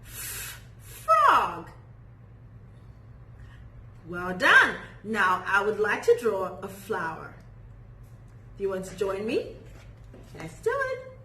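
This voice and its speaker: A woman teaching a children's phonics lesson, modelling sounds slowly and praising warmly in a sing-song way. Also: mid-range voice, wildly swooping pitch, echoey room, background noise.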